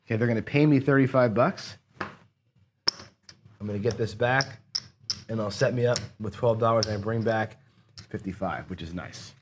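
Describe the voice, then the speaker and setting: A man with a fairly low voice hosts a craps strategy session, pausing often at a moderate pace against a noisy background. Talking to camera as he rolls dice, he walks viewers through each roll and counts payouts aloud in casual running commentary, bursting with excitement when a roll goes his way.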